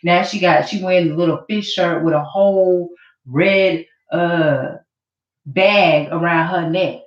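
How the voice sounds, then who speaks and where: Her voice sits on the low side and she takes her time as she rants at the camera, mocking and accusing and going over the same points again. The sound is distant, roomy and muffled, like camera audio.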